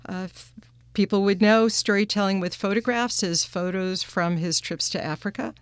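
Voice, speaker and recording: A woman's voice: mid-range voice, normal speed, smooth, dry recording. A woman from a museum staff, speaking in an upbeat, friendly way in a radio interview in a studio.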